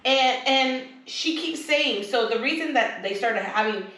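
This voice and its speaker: A woman co-hosts a casual podcast, retelling events with animated energy and leaping into high voices for quotes. Her voice sits slightly high and a little away from the mic. The room around her is very echoey. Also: unhurried, recorded from a distance. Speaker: podcast co-host. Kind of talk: casual chat.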